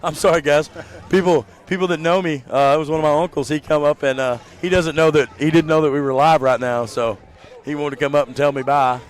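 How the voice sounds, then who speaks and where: A man's voice: a little high, fairly even intonation, brisk. Southern man commentating a derby. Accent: Southern American. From American South. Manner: chatty, easygoing, thinking aloud. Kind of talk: live demolition derby commentary. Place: outdoors at a racetrack.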